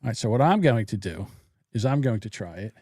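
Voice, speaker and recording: A man's voice: on the low side, expressive, a little fast, mellow, no echo, clean studio sound. A man hosting a casual chat show, joking and playful. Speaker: host.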